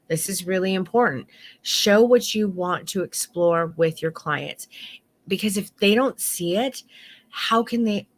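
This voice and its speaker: A middle-aged woman photography instructor teaching an online course in a heartfelt, candid way, swearing now and then. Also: mid-range voice.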